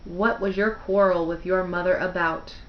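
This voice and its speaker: An elderly grandmother with a drawling Southern accent speaks in a dry, arch way, brisk and sharp when crossed, as a woman reading a novel aloud puts her on. The recording is roomy and a little dull. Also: lowish voice, fairly even intonation, lightly acted. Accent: Southern American, put on.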